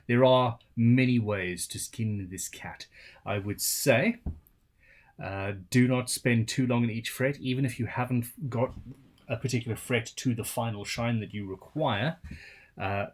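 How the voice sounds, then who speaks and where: A man's voice: mid-range voice, measured pace. A tired man, hosting a casual live-stream Q&A as a luthier, chatty and rambling with self-deprecating asides.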